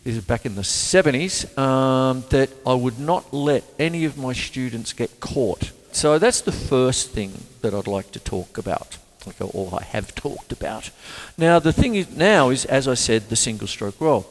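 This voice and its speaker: Lively older drum teacher. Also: male voice, mid-range voice, measured pace. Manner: chatty, sings rhythms aloud. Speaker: drum teacher and show host. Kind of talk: casual drum lesson. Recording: reverberant room with drums.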